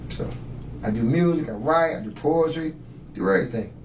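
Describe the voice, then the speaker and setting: A man's voice: mid-range voice, animated, fairly quick, darkish tone. A man in his fifties, a suspect being questioned, talking in a rambling, boastful and profane way. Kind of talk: rambling interrogation talk. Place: interrogation room. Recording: echoey room, distant mic, faint noise.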